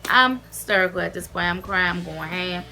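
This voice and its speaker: With faint music in the background, a woman with a lowish voice talks fairly quickly to camera. Sharing her weight-loss surgery experience, she recounts the recovery earnestly and emotionally, and her advice is direct and sincere in this casual vlog.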